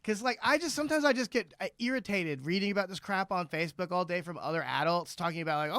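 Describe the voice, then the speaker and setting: High, bright-voiced man ranting profanely. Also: lively intonation, brisk, hardly any pauses, dry recording, studio quality. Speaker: podcast co-host. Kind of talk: comedic rant. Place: club basement studio.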